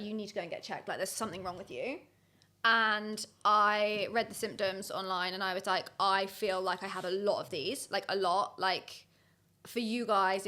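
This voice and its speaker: Chatty young woman, fast and rambling. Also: mid-range voice, sharp tone. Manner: fast rambling with many likes. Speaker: podcast guest. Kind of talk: casual chat.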